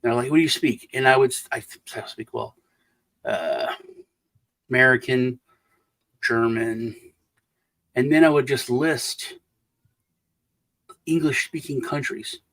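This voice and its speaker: A middle-aged man in casual livestream conversation, rambling along. He restarts sentences and trails off while telling stories, at an average pitch. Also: slow pace, pauses often, a bit bright, poor audio. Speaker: co-host.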